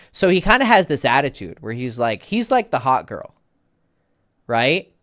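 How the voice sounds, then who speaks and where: A man's voice: medium pitch, very animated, measured pace, pauses often, fairly bright tone. A man talking as a dating coach in a casual livestream Q&A, rambling with lots of fillers and swearing freely. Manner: rambling, filler-heavy, profane.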